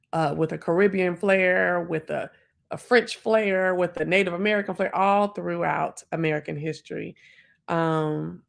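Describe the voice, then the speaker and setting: A woman's voice: on the low side, gravelly. A woman in her forties hosting a live stream, talking about the poem in a chatty, reflective way with plenty of fillers. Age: 40s. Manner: chatty and reflective, with many fillers and quick asides. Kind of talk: casual live stream chat.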